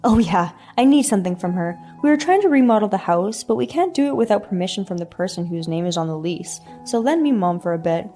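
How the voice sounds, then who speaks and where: A woman voicing an abusive grown man who yells insults and threats at his family. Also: medium pitch, animated, fast talker, few pauses, soft background music, natural voice. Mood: shouting. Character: angry bullying grown man, abusive brother.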